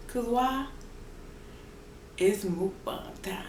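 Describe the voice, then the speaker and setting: A woman's voice: mid-range voice, slow, a bit bright, reverberant, slight background noise. Laughing, sing-song woman vlogger. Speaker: mukbang vlogger. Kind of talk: casual chat to camera. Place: at home.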